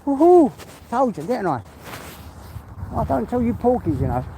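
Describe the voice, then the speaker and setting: His voice is very high-pitched, gravelly, and very animated at a moderate pace, with background noise around him. The older English retiree vlogs casually to his viewers on a rural waterside dog walk, drifting from one subject to the next.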